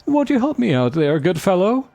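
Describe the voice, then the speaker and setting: A man putting on a high, fancy merchant prince. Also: big pitch swings, normal speed, creaky, warm tone, full character voice. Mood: pleading. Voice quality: fancy, theatrical. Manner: grandiose, showy. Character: flamboyant pompous male merchant prince.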